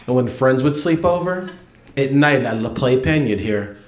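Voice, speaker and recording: A man's voice: mid-range voice, normal speed. A man in his forties doing a conversational stand-up routine on a comedy club stage. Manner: conversational, lots of "like". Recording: echoey club with a laughing crowd.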